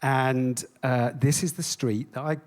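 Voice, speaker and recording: A man's voice: mid-range voice, fairly even intonation, a little slow, darkish tone. A man giving a stage talk as an artist. He is self-deprecating and jokey, with many ums. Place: on stage before an audience.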